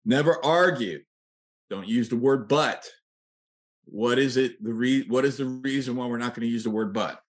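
A man's voice: medium pitch, normal speed. A man coaching real estate agents, who acts out sample sales lines and laughs at his own examples.

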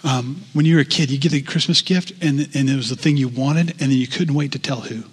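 A man's voice: mid-range voice, fairly quick, slightly rough, long reverb tail. A male pastor preaching a sermon in a conversational way, often asking the congregation questions.

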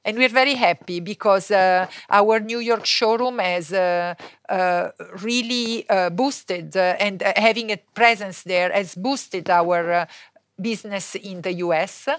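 A woman with an Italian accent, a non-native English speaker, answering podcast interview questions hesitantly, with many pauses and filler sounds. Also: mid-range voice, no echo, studio quality. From Italy. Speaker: guest, fabric company co-owner.

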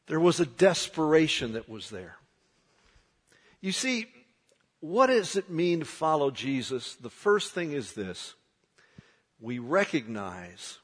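A man preaching a sermon as pastor, moving from hushed, slow lines to loud, dramatic outbursts. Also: on the high side, very animated, slightly rough. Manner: dramatic, swings from hushed to shouting. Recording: long hall reverb.

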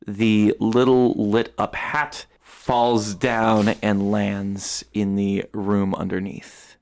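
A man narrating as game master of a tabletop role-playing game, unhurried and hesitant, with frequent fillers. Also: on the low side, flat delivery, vocal fry, a little mellow.

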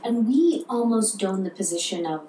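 A woman co-hosting a casual chat, telling stories in a lively way and acting out what people said. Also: mid-range voice, normal speed. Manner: animated storyteller, acts out quotes. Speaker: podcast co-host. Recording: roomy, from a distance, faint noise.

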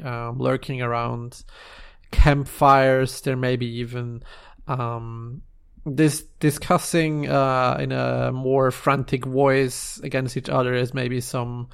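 A man narrating a tabletop game scene as game master, halting and searching for words with many restarts. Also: mid-range voice, vocal fry, smooth.

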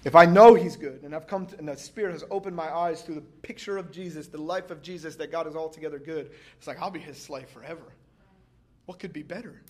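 Emphatic higher-voiced male preacher. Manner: emphatic, laughs often, reads scripture slowly. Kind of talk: sermon with scripture reading.

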